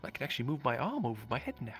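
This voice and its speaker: An inquisitive elf voiced by a man who muses aloud and teases his companion. His pitch sits in the middle but swings widely and animatedly. The scene is a live fantasy roleplay. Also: huge pitch swings, racing, fairly bright tone, soft background music. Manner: inquisitive, teasing, musing aloud. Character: curious, gossipy male elf, playful. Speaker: roleplay player.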